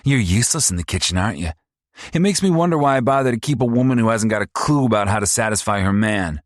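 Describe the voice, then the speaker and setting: A man voicing a sneering, cruel young man who taunts and mocks, speaking higher and louder than his own narration. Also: expressive, fast, no echo, studio quality, natural voice. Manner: taunting, mocking.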